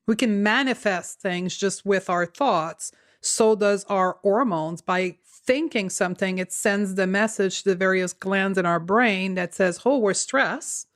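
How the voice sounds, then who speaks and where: A woman's voice: mid-range voice, a little slow, hardly any pauses, dry recording, clean studio sound. French-accented woman podcast host. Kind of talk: podcast interview conversation.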